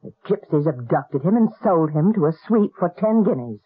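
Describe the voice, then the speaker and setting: An actress playing a brisk, matter-of-fact woman in a 1970s radio drama, with a husky, low voice. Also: expressive, full character voice. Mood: explaining. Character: brisk, practical woman of the household. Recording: lo-fi old radio broadcast.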